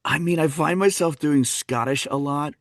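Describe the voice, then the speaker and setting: Animated male dialect coach, dry sound. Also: fairly high pitch, moderate pace, dry recording. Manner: animated storyteller, acts out quotes, laughs often. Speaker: actor and dialect coach, guest. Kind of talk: conversational interview.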